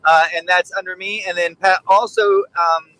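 High-voiced blunt man, dry sound. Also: steady tone, normal speed, sharp tone, no echo, poor audio. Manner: candid, blunt, acts out quotes. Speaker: podcast guest, dog trainer. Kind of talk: casual storytelling.

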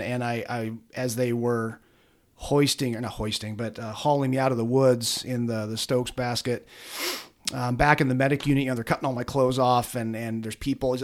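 A middle-aged man, a police officer, telling a personal story in an interview, earnest and halting with many fillers and restarts. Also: mid-range voice.

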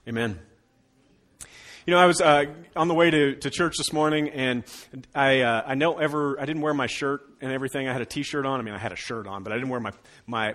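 A middle-aged man preaching an Easter sermon as pastor, swinging between loud, emphatic stretches and hushed, slowed phrases. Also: mid-range voice.

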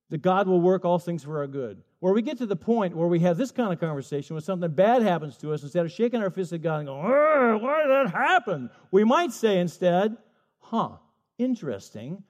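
A man preaching in a slightly higher voice, working through a story before landing his point. He leans on emphatic repetition and acts out the voices in his anecdotes. He sounds middle-aged and at ease in front of a congregation. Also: mellow. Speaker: pastor. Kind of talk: sermon.

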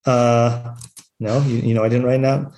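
A man teaching a relaxed weekly text class to students, reading translations aloud and explaining them with many pauses, fillers and restarts. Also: mid-range voice. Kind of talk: informal text study class.

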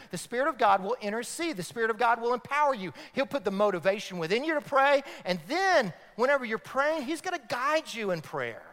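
Pastor, male, high-pitched emphatic preacher, reverberant sanctuary sound. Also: a bit bright. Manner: emphatic, repetitive preaching with rising and falling intensity. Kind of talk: sermon. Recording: long hall reverb.

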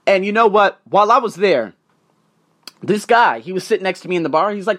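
Animated man with a fairly high voice. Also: a little fast. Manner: animated, swings between loud emphasis and quiet asides. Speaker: podcast host. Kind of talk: casual motivational monologue with personal stories.

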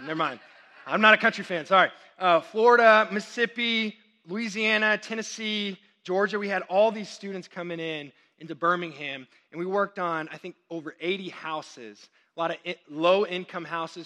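A young man from Texas delivers a sermon in a high, bright voice. He tells stories with quick, animated asides as he preaches. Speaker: pastor.

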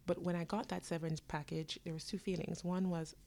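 A woman in her twenties telling her own story to her viewers, dramatic and animated, laughing often and acting out the people in it. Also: on the low side, gravelly. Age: 20s. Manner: voices herself and others in quick asides. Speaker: vlogger. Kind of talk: storytelling to camera.

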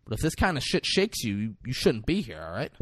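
A man's voice: medium pitch, fast, husky, no echo, studio quality. A man casually recapping a film with a co-host, acting out the characters' lines and swearing freely. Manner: animated, acts out movie lines with big vocal swings and swearing. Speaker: podcast co-host. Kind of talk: casual movie recap chat.

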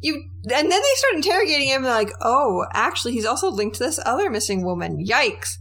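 A woman's voice: sits high, very animated, quick pace, fairly bright tone. A woman co-hosting a true crime podcast, reacting with blunt, sarcastic commentary. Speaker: podcast co-host. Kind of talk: casual podcast chat.

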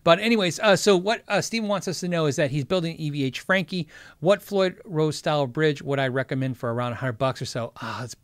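A man's voice: a little high, brisk, dry recording, clean studio sound. A man hosting a guitar gear livestream, chatting casually and rambling through viewer questions with jokes and self-interruptions. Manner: rambling, chatty, frequently sidetracked. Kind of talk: casual chat answering live chat.

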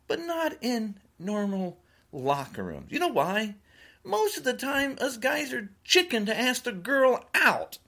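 Indignant male commentator, slightly high voice, huge pitch swings, scoffing laughs. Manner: indignant, animated, laughs between points. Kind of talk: opinion monologue.

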